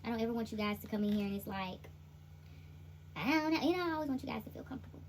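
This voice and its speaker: A woman's voice: on the high side, animated, racing, a little mellow, slight background noise. A woman with a Southern US accent giving a chatty, laughing, slangy tarot reading. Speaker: intuitive tarot reader.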